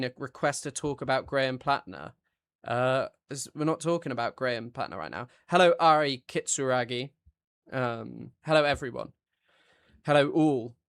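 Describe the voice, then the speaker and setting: A man's voice: mid-range voice, fairly bright tone, no room sound, studio quality. A man streaming live, reading out viewer chat and answering it in an offhand, blunt way. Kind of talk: casual livestream chat.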